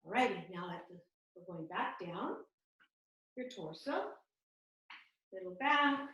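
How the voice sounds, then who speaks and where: A woman guiding a yoga class over a video call, giving gentle, calm and soothing step-by-step cues. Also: medium pitch, slow pace, long pauses, distant mic, slight background noise. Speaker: yoga instructor. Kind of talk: guided yoga class instruction. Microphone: computer mic on a video call. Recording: echoey video call audio from off-mic.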